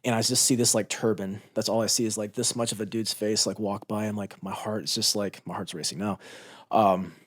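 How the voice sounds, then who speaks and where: A man's voice: on the low side, steady tone, fairly quick. A man in his thirties, a former Marine, telling a combat story in a candid, profane, intense way on a podcast. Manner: intense, profane, re-enacts shouts. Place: podcast studio.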